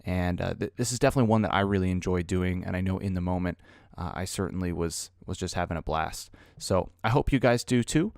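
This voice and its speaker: Chill guy hosting a podcast, kinda low voice, dry close sound. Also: fast, creaky, no room sound. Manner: easygoing, relaxed with fillers. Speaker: podcast host. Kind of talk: casual interview intro.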